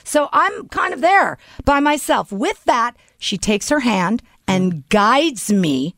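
A middle-aged woman co-hosting a casual studio chat, telling a story animatedly and dropping her voice low to quote others. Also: big pitch swings, slow, a bit bright, no echo.

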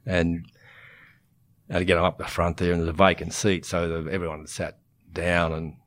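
Deep-voiced Australian man in his sixties. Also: flat delivery, moderate pace, fairly bright tone. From Queensland, Australia. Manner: rambling, self-interrupting, chuckles through his stories. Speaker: podcast guest, former CEO. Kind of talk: casual anecdotal storytelling.

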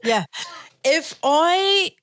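A woman's voice: sits high, animated, a bit bright. A woman in her late forties hosting a podcast, telling brash, swear-heavy stories in casual chat. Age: 40s. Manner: brash, storytelling, quick to joke and swear. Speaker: podcast host.

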